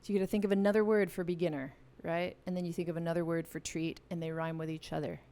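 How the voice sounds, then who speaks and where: A woman's voice: on the low side, flat delivery, quick pace, warm tone. A woman hosting a live-stream game from a home music room, chatty and playful as she explains the rules to her viewers on a studio microphone. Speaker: music channel host running a live game. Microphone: studio vocal mic.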